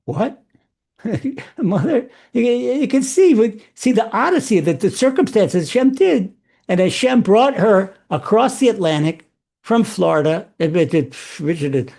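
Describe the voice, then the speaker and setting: A rabbi telling stories in a lecture to a live audience, animated and often repeating and restarting his words. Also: high-pitched, vocal fry. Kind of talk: storytelling Torah lecture.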